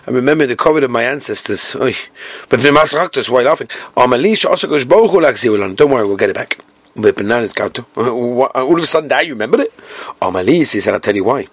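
A man's voice: medium pitch, lively intonation, fast, slightly rough, no echo. A man with an English accent teaching a Talmud class, translating line by line with a sing-song chant and lots of Hebrew terms. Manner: acts out quoted speakers in sing-song chant.

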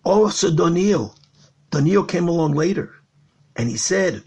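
A man's voice: a little high, animated, a little slow, darkish tone, slightly rough. A rabbi giving an impassioned Torah lecture on prayer. He tells a parable and stretches key words for emphasis. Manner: storytelling with a parable.

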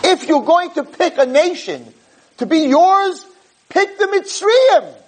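Shrill indignant angels, a man puts them on. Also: sing-song, slow pace, heavily acted, low-quality recording. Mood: scornful. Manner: exclaiming in outraged disbelief.

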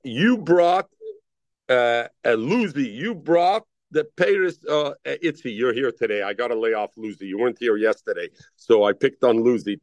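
A man's voice: medium pitch, no room sound. A man teaching a Daf Yomi Talmud class, calling on students by name and mixing in Hebrew and Aramaic terms.

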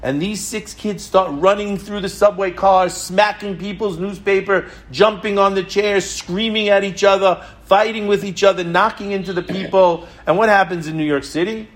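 A man's voice: high voice, fairly even intonation, normal speed, few pauses. A man giving a sermon as a rabbi. He speaks emphatically, tells stories, repeats his points and asks rhetorical questions. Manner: storytelling.

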